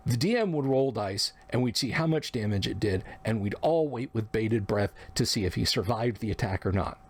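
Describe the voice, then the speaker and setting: A podcast narrator with a fairly low, husky voice and lively intonation reflects at normal speed on his first tabletop game. Telling it as a memoir, he acts out the quoted lines along the way.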